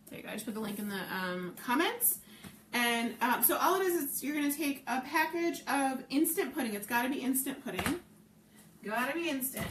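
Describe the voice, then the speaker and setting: A woman's voice: on the high side, recorded from a distance. A middle-aged woman chatting casually while cooking live at home, reading viewer comments and wandering off topic. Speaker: home cook hosting a live cooking stream. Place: home kitchen. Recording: echoey kitchen with background noise.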